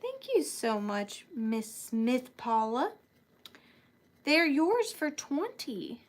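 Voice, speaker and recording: A woman with a high-pitched, very animated voice hosts a live online vintage sale, talking extremely slowly over slight background noise. She chats casually and gushes over every piece, calling the items little cuties.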